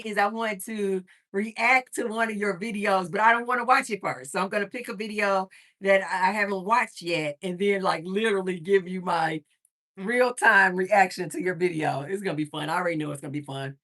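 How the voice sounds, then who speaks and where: A woman hosting a casual livestream, chatting with viewers and telling stories in an animated way. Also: mid-range voice, fairly quick. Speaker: livestream host.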